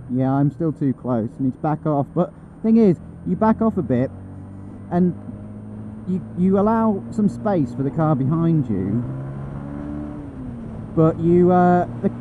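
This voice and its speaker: A man's voice: high-pitched, phone-quality sound. A man riding a motorcycle and chatting to the viewer in a rambling commentary, correcting himself as he goes, through a helmet mic. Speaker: motorcycle vlogger. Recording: loud wind and road noise.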